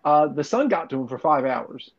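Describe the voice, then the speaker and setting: A man's voice: on the high side, lively intonation, moderate pace, slightly rough. A young man telling profane, rambling stories in casual podcast chat. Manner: rambling, profane storytelling with laughs. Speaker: podcast co-host. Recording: dull lo-fi recording.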